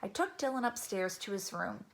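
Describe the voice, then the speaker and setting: A woman narrating a children's chapter book in a gentle, even reading voice. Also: mid-range voice, normal speed, vocal fry. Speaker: audiobook narrator. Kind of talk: storybook narration.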